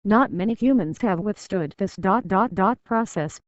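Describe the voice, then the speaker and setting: A woman voicing a calm, enigmatic female android who speaks in a measured way. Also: mid-range voice, dry recording, lightly acted. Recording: dull dry recording.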